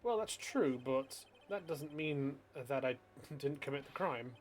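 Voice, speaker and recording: A man's voice: mid-range voice, expressive, unhurried, slight background noise, lightly acted. A man voicing a frantic young man in a video game who keeps pleading insistently. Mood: desperate. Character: frantic young man eagerly confessing to a crime.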